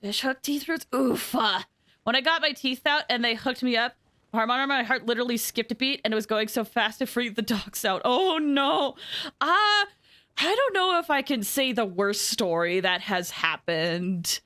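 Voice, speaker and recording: A woman's voice: a little high, moderate pace, pushed and bright. A young adult woman streaming a game, rambling through anecdotes with lots of giggles and fillers. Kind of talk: casual live-stream chat.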